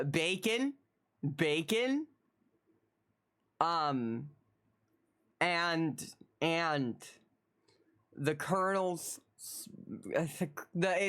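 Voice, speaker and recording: A live streamer from the United States chatting with viewers from a home setup. They ramble, stammer and repeat phrases, and get animated and laugh when teasing chat. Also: mid-range voice.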